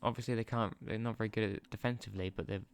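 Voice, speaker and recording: Man, slightly low voice, casual gameplay commentary, chatty and distracted, swears and laughs. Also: steady tone, racing, creaky, a little hiss or hum. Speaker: gaming channel host. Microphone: sensitive desk microphone.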